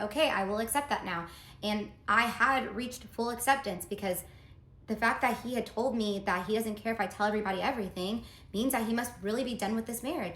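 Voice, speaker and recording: A woman's voice: medium pitch, a bit bright. Woman telling a story in a roomy space. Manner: earnest, reads out text messages, confiding. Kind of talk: casual storytime monologue. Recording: roomy echo, faint background noise.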